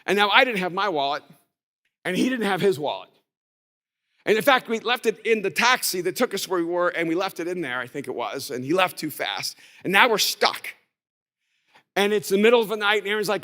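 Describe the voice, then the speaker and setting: A male pastor preaching at a conference, his voice high and bright with a forceful edge. He tells stories, sometimes quiet and sometimes shouting. The sound rings with the long reverb of a big hall. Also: animated, a little fast. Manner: storytelling, shifts between soft and shouted. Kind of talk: conference sermon.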